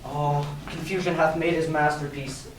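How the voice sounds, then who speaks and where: A man's voice: fairly high pitch, steady tone, normal speed, slight background noise. A teenage boy acting in a school stage performance, reciting lines and at times raising his voice. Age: teens. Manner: recited lines, bursts into shouting. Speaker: student actor as Macduff. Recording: echoey room, distant mic.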